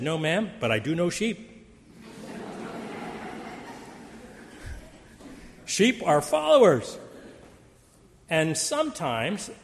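A man preaching a sermon, telling stories in an animated storytelling manner. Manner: storytelling with wide pitch swings. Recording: long hall reverb.

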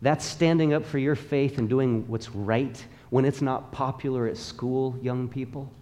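A man's voice: medium pitch, steady tone, unhurried, warm tone. A male pastor preaching a sermon in a church, with emphatic, rhythmic repetition and calls for the congregation to repeat after him. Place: church sanctuary. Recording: long reverb of a large hall.

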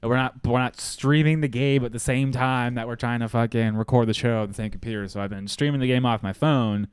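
A young man hosting a casual sports podcast, loud and profane, laughing often. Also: medium pitch, steady tone, fairly quick, clean tone, no room sound. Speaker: podcast host.

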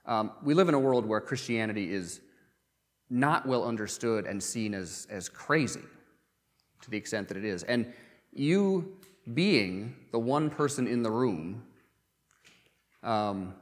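A man preaching a sermon in a conversational way, often pausing with um and uh and repeating words as he goes. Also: on the low side, animated, long reverb tail. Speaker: pastor.

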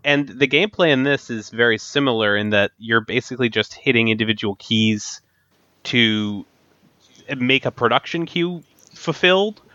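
A man's voice: medium pitch, normal speed, pushed and bright, muffled recording. A man co-hosting a podcast in casual chat, thoughtful and hedging with many likes.

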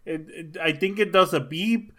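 High, bright-voiced joking man. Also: normal speed. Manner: joking, crude banter. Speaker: podcast co-host. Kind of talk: casual chat.

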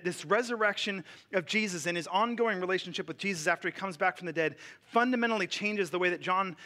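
A man preaching in a relaxed, chatty sermon voice, full of fillers and quick restarts. His voice sits high for a man and sounds bright and forward. He is a pastor in his thirties. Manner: casual, conversational preaching with many fillers and restarts.

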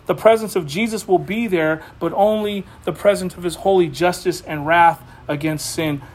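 High-voiced man preaching a sermon. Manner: impassioned preaching with repeated phrases. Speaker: pastor.

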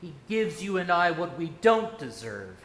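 A male pastor preaching a sermon, firing rhetorical questions and swinging from loud to hushed. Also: high voice, very animated, moderate pace. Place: church sanctuary. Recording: echoey church room.

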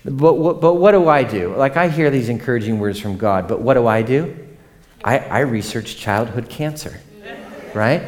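A man in his thirties preaching a sermon, conversational and animated, often turning to ask the congregation questions. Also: medium pitch, normal speed. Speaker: pastor.

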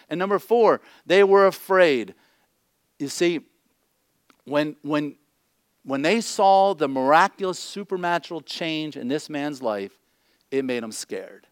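A man's voice: on the high side, dry recording, clean studio sound. A middle-aged man preaching a conversational sermon, blunt and joking, often checking in with his listeners. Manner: blunt, joking asides, repeats "okay?". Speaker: pastor.

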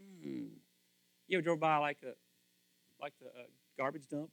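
Man, preacher, high voice, casual sermon, acts out scenes, dry sound. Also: normal speed, creaky, a bit bright, no room sound.

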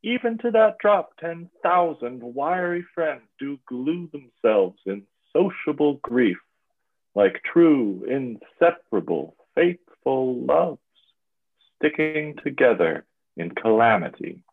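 Grave defeated king, measured declamation, slow, thin phone-like sound. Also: mid-range voice, big pitch swings, exaggerated voice. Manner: measured, declamatory verse delivery. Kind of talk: classical stage drama. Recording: tinny phone-like radio sound.

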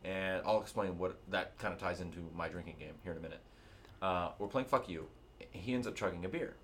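A young man with a lowish voice chats loosely on a podcast. He swears easily and explains things at length. Faint noise hums under the recording. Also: a little fast, fairly bright tone. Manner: loose, profane, explains with tips. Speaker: podcast co-host. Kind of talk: casual chat.

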